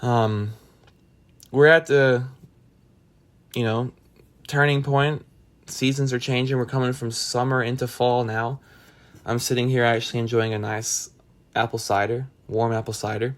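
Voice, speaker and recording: A man's voice: medium pitch, level tone, unhurried, pauses often. A man hosting a solo podcast, talking in a rambling, profane and wry way. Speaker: podcast host.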